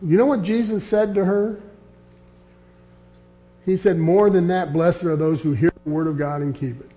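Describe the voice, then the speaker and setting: A man preaching a sermon, reading scripture aloud and dropping low and quiet to press his points. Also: fairly even intonation, normal speed. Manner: earnest, quotes scripture, drops low and quiet on key points.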